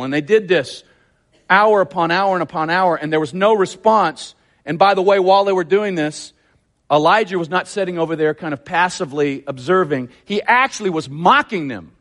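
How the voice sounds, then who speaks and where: A man preaching a sermon, retelling a scripture story with lively, acted-out quotes. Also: high voice. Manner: animated, acts out quotes in a raised voice. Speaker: pastor.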